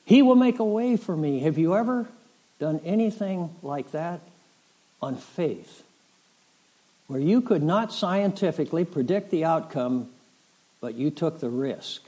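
Man preaching a slow, rising sermon. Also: fairly high pitch, expressive, warm tone. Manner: slow deliberate preaching, rising in force on scripture lists. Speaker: pastor. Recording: audio of a sermon.

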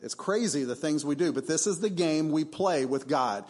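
Emphatic conversational preacher, slightly high voice. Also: male voice, expressive, normal speed, few pauses, a little mellow. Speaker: pastor. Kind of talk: sermon. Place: church.

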